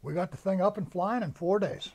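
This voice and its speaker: A man's voice: sits high, a little fast, darkish tone. An older American man, a veteran, recalling his service in a rambling, storytelling way and acting out the orders he was given. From United States. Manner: storytelling, acts out the sergeants' orders. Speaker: veteran interviewee. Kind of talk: oral history recollection.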